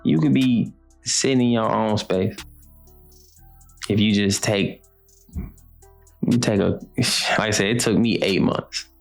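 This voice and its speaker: A man's voice: medium pitch, creaky. A young man hosting a show, giving blunt, repetitive motivational talk full of slang. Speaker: show host. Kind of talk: motivational monologue.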